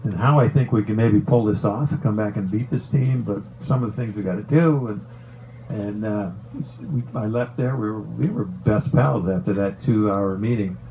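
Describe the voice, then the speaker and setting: A middle-aged man, a former hockey player, tells a long story in a casual, animated way, swearing and laughing as he goes. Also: on the low side, moderate pace, phone-quality sound, slight background noise. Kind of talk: casual storytelling on a talk show.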